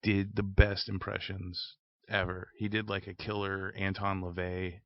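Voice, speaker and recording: Man, gravelly deep voice, laid-back casual chat, dry lo-fi sound. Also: level tone, a little slow, no room sound. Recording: dull lo-fi sound.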